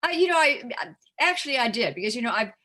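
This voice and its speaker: Quick and forceful, an older woman's bright, highish voice swings widely in pitch as she chats casually as an interview guest. She wanders off on tangents full of fillers and mimics voices when quoting people.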